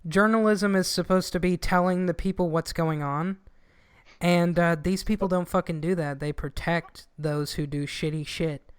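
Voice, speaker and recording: A young man co-hosting a podcast in casual chat, rambling and swearing, getting animated when he quotes people. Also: high-pitched, moderate pace, clean tone, no room sound, studio quality. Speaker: podcast co-host.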